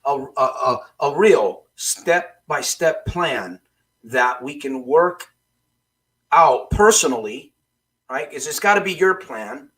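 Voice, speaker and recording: A man's voice: on the high side, a bit bright. A man coaching live on a broadcast, talking loosely, repeating questions to his viewers and often restarting his sentences. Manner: rambling, repeats questions to the audience, frequent restarts. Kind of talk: casual motivational livestream talk.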